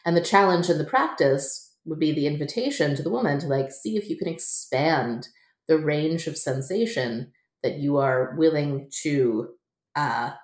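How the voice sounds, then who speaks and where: A woman talks through ideas as an interview guest, her voice sitting low. She is casual and conversational, laughing often and scattering fillers. The sound bounces around an echoey room. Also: lively intonation, moderate pace, darkish tone. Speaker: author and guest.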